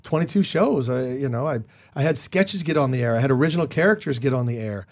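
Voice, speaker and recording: A man as an interview guest, telling stories casually and with energy, jumping higher in pitch when he quotes others. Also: fast talker. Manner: animated, jumps higher when quoting others; chatty with many restarts. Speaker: guest comedian.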